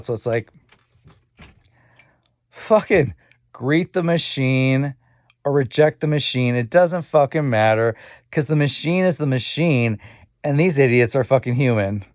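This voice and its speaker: A young man rambles through a personal vlog monologue, repeating himself and swearing freely. His voice sits at an ordinary middle pitch, with sighs and muttered asides. The recording is dry, with no room echo. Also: a little mellow. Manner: rambling, profane and repetitive. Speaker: vlogger.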